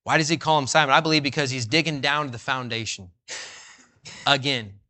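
A man preaching a sermon in a fervent way, reading scripture slowly and rising toward near-shouts. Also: mid-range voice. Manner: reads scripture in old-fashioned wording, slowing for emphasis.

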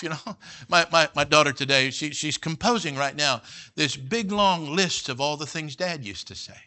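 Middle-aged man, pastor, preaching with folksy humor; slightly high, piercingly bright voice. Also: expressive, a little fast. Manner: folksy and joking, peppered with "all right?" and "you know". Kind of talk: sermon.

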